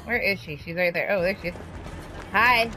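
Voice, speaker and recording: A woman's voice: mid-range voice, moderate pace, music in the background. A woman streamer giving casual gameplay commentary, swearing and taunting the other players. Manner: profane trash-talking, taunting opponents. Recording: noisy background.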